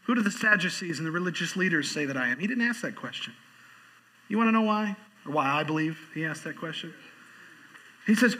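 A man's voice: on the high side, lively intonation, brisk, pushed and bright, poor audio. A man pastor preaching a sermon in church, repeating phrases for emphasis and reading a quote aloud.

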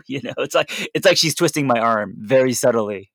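A man's voice: mid-range voice, expressive, normal speed, vocal fry, fairly bright tone, no echo. A man co-hosting a podcast, chatting casually, backing his partner up, asking follow-up questions and joking. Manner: affirming listener, joking, asks follow-up questions. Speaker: podcast co-host.

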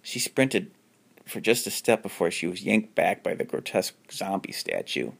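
A man reading his own homemade horror story aloud, stumbling and restarting often, and jumping up in pitch for the characters' lines. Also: sing-song, moderate pace, vocal fry, husky. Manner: unpolished reading with frequent restarts.

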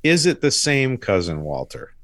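A man's voice: mid-range voice, wildly swooping pitch, moderate pace, a bit bright, no echo, studio quality. A man co-hosting a podcast, bantering casually in a profane way and laughing often. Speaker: podcast co-host. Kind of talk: casual chat.

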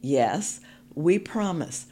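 A woman reading a storybook and voicing a timid, earnest young girl with a pleading, breathy manner. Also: low voice, lively intonation, drawn-out words, mellow, slight background noise, full character voice.

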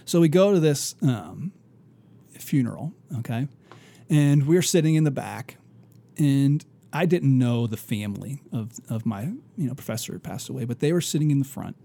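A man co-hosting a casual faith podcast, telling a story earnestly with many restarts and soft, trailing asides. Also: mid-range voice, lively intonation, normal speed, gravelly. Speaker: podcast co-host.

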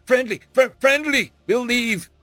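Man doing a timid alien captain, stammering, panicky, high-pitched, very lively. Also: brisk, dry recording, soft background music. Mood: frightened.

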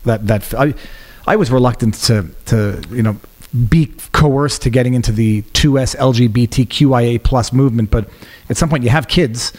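A man from Canada, a guest on a podcast, talking politics in a rapid, animated way with frequent restarts and trailing phrases. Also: mid-range voice. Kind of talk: casual political chat.

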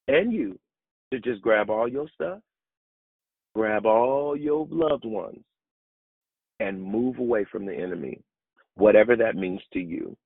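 With a creaky, breathy voice, a man delivers an animated sermon that includes a personal story, his pitch springing upward for emphasis. The phone recording is dry and has phone-quality sound.

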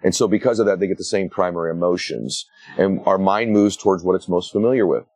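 Husky 40s guy chatting about his book, lowish voice, dry close sound, jumps up high when he makes a point. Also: fast talker, no echo. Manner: animated storyteller, rises sharply in pitch to make a point. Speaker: author and guest. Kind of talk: casual interview conversation.

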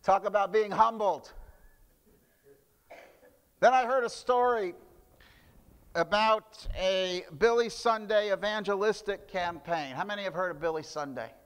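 A man's voice: high voice, a little slow, pauses often, fairly bright tone, clean tone, in a large hall. A man preaching a sermon, telling stories with frequent restarts and fillers. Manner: storytelling with repeated restarts and fillers. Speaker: pastor.

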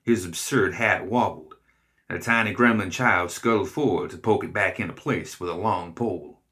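A man narrates a story in measured, expressive reading. His voice is low and bright-edged, and it cuts cleanly through the telling. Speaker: reader.

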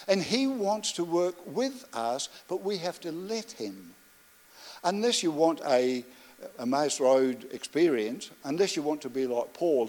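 Man preaching a sermon, fairly high voice. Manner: storytelling, rhythmic lists, soft reflective asides. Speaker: pastor.

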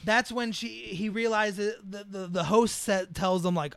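A man's voice: high-pitched, unhurried, gravelly, smooth, no room sound. A man co-hosting a casual movie chat, retelling scenes with swearing and acted-out lines. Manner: animated retelling, acts out scenes, swears freely. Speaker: podcast co-host.

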